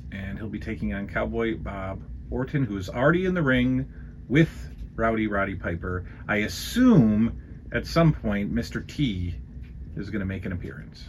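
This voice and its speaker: A man giving a casual, excitable review of old wrestling footage, breaking into loud quotes of what the wrestlers say. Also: fairly low pitch, moderate pace, slight background noise. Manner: excited, acts out quoted lines loudly. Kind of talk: casual commentary over footage.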